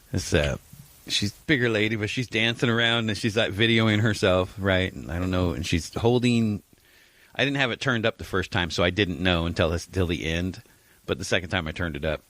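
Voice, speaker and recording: A man's voice: low voice, moderate pace, fairly bright tone, no room sound. A man co-hosting a casual podcast, crude and teasing, swearing freely as he tells stories. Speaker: podcast co-host. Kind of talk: casual chat.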